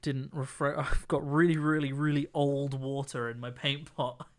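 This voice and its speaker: A man's voice: medium pitch, flat delivery, normal speed. A man streaming while he paints miniatures, laid-back and chatty, laughing often. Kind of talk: casual chat.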